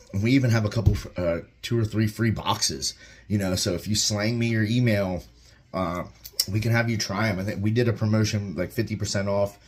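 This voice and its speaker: Upbeat deep-voiced man chatting while eating. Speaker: vlogger reviewing a meal. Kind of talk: casual vlog chat. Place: home kitchen. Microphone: camera mic, propped-up phone without tripod.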